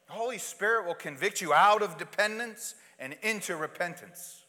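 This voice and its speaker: A man preaching a sermon, swinging from loud, urgent passages to hushed, intimate asides, and acting out quoted prayers and pleas. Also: high-pitched, moderate pace, few pauses. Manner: acts out quoted prayers and pleas in different voices. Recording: long hall reverb.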